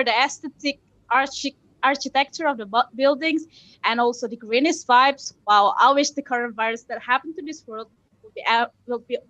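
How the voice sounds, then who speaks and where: A woman's voice: high-pitched, a bit bright. A woman closing an online course as master of ceremonies, with formal, cheerful thanks and small self-corrections, heard over a video call. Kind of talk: scripted online event closing. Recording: muffled video call audio.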